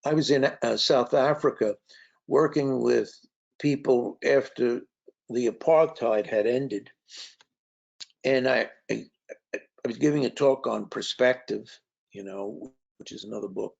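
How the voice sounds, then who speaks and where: A gravelly-voiced man speaks in an easy, anecdotal way, with plenty of fillers and restarts as he tells stories to his listeners. The sound is dull and lo-fi, and his pitch sits in a middle range for a man. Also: a little slow, pauses often, a little mellow. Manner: conversational, anecdotal, with frequent fillers. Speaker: author and speaker. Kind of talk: storytelling talk. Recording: dull lo-fi recording.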